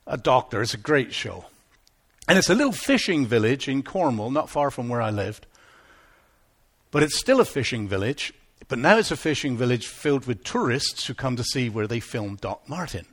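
A middle-aged man preaching a Sunday sermon, retelling a scripture story and personal anecdotes with acted-out quotes and humor. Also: fairly high pitch. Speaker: pastor.

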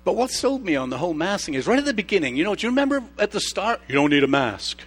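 A middle-aged male pastor preaching a sermon, telling personal stories that swing from hushed, slow emphasis to animated outbursts. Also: high-pitched, slightly rough. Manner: expressive storyteller, shifts from hushed to animated.

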